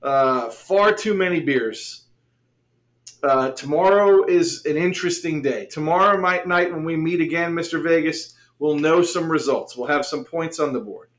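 Guy hosting a podcast, kinda high voice, goofy sportscaster bit, laughs a lot. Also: normal speed, a bit bright. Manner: mock sportscaster delivery, laughs often. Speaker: podcast host. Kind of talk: casual joking chat.

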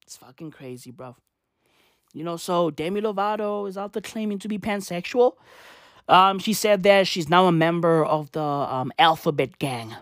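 A man's voice: sits high, normal speed, no echo, clean studio sound. A man in a profane, rambling comedic rant who repeats his phrases and swears constantly. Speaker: vlogger.

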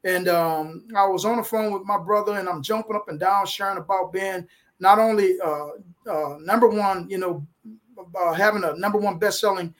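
A man's voice: high-pitched, steady tone, moderate pace, a bit bright. A man speaking as a guest author on a live feed, giving an emotional, preachy motivational talk that leans on sports metaphors. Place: live online video feed.

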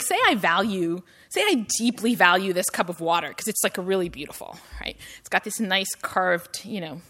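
A woman's voice: mid-range voice, a bit bright. A woman giving a university lecture in a conversational style, full of "like" and "right?" tags and rising emphasis on her questions.

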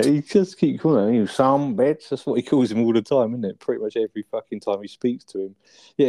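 A man's voice: mid-range voice, dark tone, dry recording. A man, co-hosting a casual film review chat, laid-back and sweary, often ending with tag questions. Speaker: podcast co-host.

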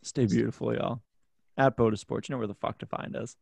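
A man in his twenties hosting a podcast from a home room, loud with mock outrage and swearing freely in casual banter. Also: mid-range voice, steady tone, a little fast, creaky, slightly rough. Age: 20s. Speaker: podcast host.

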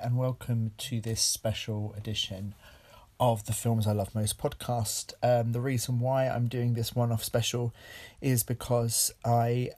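A man hosting a film podcast, speaking earnestly and haltingly with many pauses, audibly moved. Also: mid-range voice. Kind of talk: casual film review podcast.

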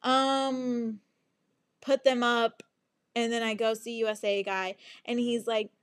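A young woman with a fairly high voice tells a story on her podcast with big, dramatic energy. She swears without a second thought and slips in and out of other people's voices as she goes. The sound is close and dry, with no room around it. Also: slow, no room sound. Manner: animated and dramatic, swears freely, acts out others' lines. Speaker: podcast host. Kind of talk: casual storytelling monologue.

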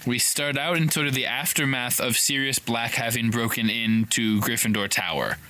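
A man's voice: mid-range voice, normal speed, sharp tone. A man co-hosting a casual podcast chat, playful and teasing, often laughing. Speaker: podcast co-host.

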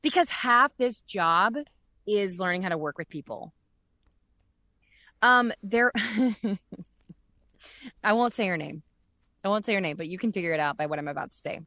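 A woman's voice: medium pitch, expressive, measured pace, pauses often, sharp tone, no echo. A woman who works as a voice actress and director, talking openly and chattily as a podcast guest and acting out sounds in her stories. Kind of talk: candid casual podcast chat.

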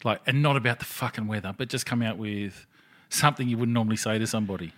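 Bright-voiced Australian man, sweary. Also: on the low side, fast. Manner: sweary, animated storytelling. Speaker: podcast co-host. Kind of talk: casual chat.

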